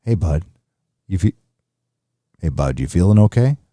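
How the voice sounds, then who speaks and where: A man doing a low, soft voice of a doting father soothing a sick child. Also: animated, measured pace, dry recording, clean studio sound.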